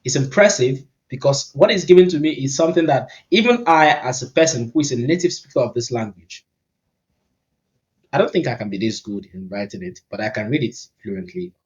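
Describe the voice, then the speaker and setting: A man's voice: medium pitch, lively intonation, brisk, low-quality recording. A man from Nigeria with a Nigerian accent, talking casually and upbeat through a tech tutorial as he thinks aloud. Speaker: tech YouTuber. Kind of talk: casual screen-recording tutorial.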